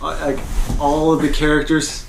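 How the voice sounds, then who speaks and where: A man in casual podcast chat, giving his take on a film in a halting way with many fillers. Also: a little high, completely flat delivery, creaky. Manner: hesitant, halting, lots of fillers. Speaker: podcast co-host. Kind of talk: casual movie review chat. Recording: roomy echo with faint background noise.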